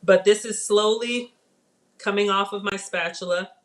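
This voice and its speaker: A woman's voice: medium pitch, steady tone, measured pace. Lady hosting a live cooking stream, chatty, takes her time explaining each step. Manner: chatty, talks viewers through each step. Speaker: channel host. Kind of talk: live cooking demo chat.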